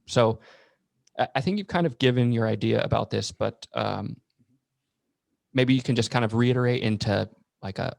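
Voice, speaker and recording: A man's voice: on the low side, gravelly, no room sound, clean studio sound. A man talking on a podcast, asking thoughtful questions in a casual chat. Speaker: podcast guest.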